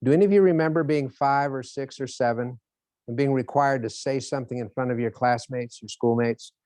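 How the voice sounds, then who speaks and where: Speaking a little fast in a mid-range voice, this motivational speaker tells stories and acts out each scene with animation during his lecture. The recording has no echo.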